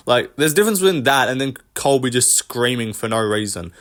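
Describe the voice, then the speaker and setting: A man's voice: medium pitch, lively intonation, a little fast, fairly bright tone. A man in a casual commentary rant, rambling from point to point. He swears often and sounds dismissive of the people he talks about. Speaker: MMA commentary vlogger.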